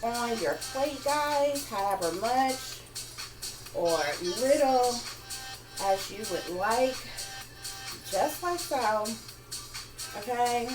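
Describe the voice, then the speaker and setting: A woman hosting a casual cooking video, talking slowly and warmly to her viewers as guys and y'all. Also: fairly high pitch, lively intonation, over music, poor audio. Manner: slow, drawn-out, homey, addresses viewers as guys and y'all. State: talking with mouth full at times. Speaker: cooking vlogger. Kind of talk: casual cooking demo chat.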